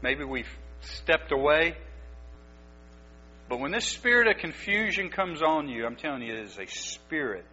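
A man's voice: mid-range voice, bright, forceful tone. A man preaching a sermon as pastor, exhorting his listeners with emphatic, urgent delivery. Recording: dull lo-fi recording with mains hum.

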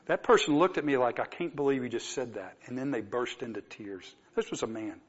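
A man preaching a sermon, telling a story and moving from soft asides to emphatic exclamations. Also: medium pitch, brisk, dull audio.

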